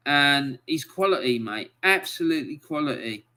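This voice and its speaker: A middle-aged man hosting a live football fan stream, chatty and excitable, reading out viewer comments and swearing freely. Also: a little high, normal speed. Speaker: football fan show host.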